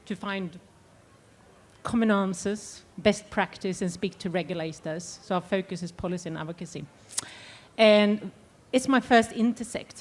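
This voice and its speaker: A woman from Sweden moderating a conference panel on stage, speaking in an upbeat, lively way. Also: medium pitch.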